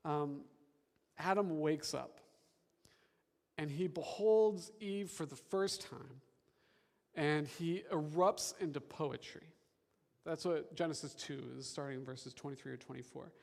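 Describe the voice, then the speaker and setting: A man preaching a sermon as pastor, animated and chatty with the congregation. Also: fairly high pitch, unhurried, vocal fry, pauses often. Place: church hall. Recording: long reverb of a church hall.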